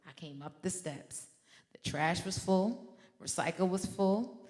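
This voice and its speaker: A woman's voice: on the low side, a little slow, a little mellow. A woman minister preaching a sermon in a fervent, conversational way, breaking into personal stories and addressing the congregation directly. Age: adult with a teenage son. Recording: long hall reverb.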